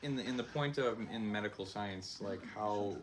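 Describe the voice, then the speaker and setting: A man hosting a podcast, asking halting, searching questions in a casual interview. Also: lowish voice, a little hiss or hum. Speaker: podcast host.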